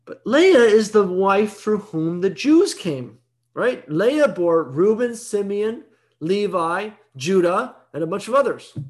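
A man's voice: sits high, very animated, slow. A man giving an evening Bible teaching in a conversational way, explaining step by step and often checking in with "right?".

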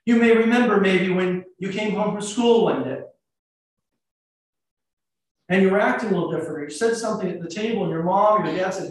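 A man's voice: high voice, brisk, long pauses. A man with an American accent, a priest giving a conversational sermon full of anecdotes and rhetorical questions. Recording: echoey church, mic at a distance.

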